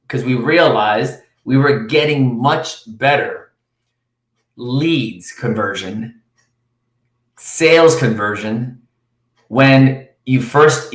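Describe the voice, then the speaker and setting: A man coaching cold calling live from his office, talking with high energy. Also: a bit bright, echoey room. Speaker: sales coach.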